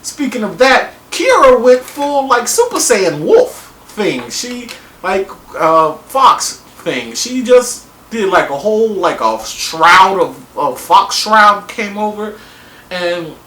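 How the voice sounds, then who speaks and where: A young man giving a casual, jokey review of a TV episode, rambling with lots of fillers and sudden jumps in pitch. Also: big pitch swings, slow, sharp tone. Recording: echoey room with faint background hiss.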